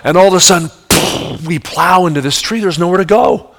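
In a sermon, a high-pitched adult man speaks a little fast with a bit of brightness, over a little hiss or hum. He's a vivid storyteller who performs the voices in his story and puts questions directly to the audience.

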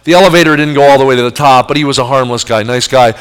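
A man's voice: mid-range voice, rapid-fire, smooth. A man preaching a sermon, telling a story vividly, acting out the voices in it and asking his listeners questions. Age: adult. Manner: vivid storyteller who acts out quoted voices; talks straight to the audience with questions.

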